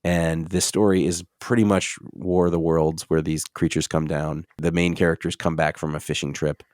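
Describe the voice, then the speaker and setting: Tired man with a very deep voice. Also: level tone, normal speed, a little mellow, no echo, clean studio sound. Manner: wry, chatty. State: tired and sick. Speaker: podcast co-host. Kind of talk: casual chat.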